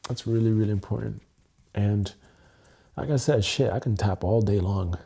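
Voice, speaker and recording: A husky, creaky male voice with a dark tone and lowish pitch talks at a moderate pace. He's a content creator alone on a livestream, looking into his webcam mic during an EFT tapping session. He swears a lot and circles back over the same words as he earnestly sorts out his emotions.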